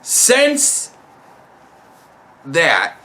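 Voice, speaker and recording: A man's voice: a little high, huge pitch swings, extremely slow, bright, forceful tone. A young man telling a long, rambling story about a coworker in a profane, exasperated way. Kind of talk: casual storytelling rant.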